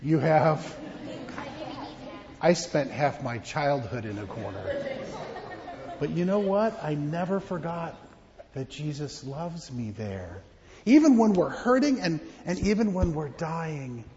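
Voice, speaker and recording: A man giving a children's sermon as pastor, telling a story in an animated way and asking the children questions. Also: a little high, takes it slowly, long pauses, big-room sound, muffled recording. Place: church.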